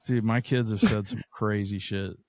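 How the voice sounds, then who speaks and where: A man's voice: on the low side, steady tone, moderate pace, darkish tone, slight background noise. A male podcast co-host in casual chat, bluntly telling stories and cussing freely. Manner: blunt, swears a lot, tells stories about his kids.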